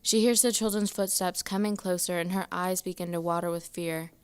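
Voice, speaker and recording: A woman slowly reading her own ghost story aloud in a steady voice. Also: on the low side, clear, resonant tone. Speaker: student reader.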